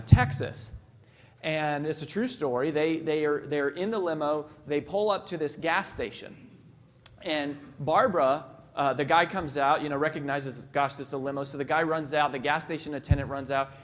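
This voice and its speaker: Male keynote speaker, a touch high-pitched, joking storyteller at a convention mic. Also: a bit bright. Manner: storytelling, jokey, acts out voices. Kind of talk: live motivational talk.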